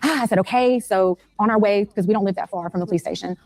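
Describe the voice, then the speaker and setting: In an interview, a mother with a mid-range, darkish voice recounts her story quickly and anxiously, acting out the phone calls as she retells the events.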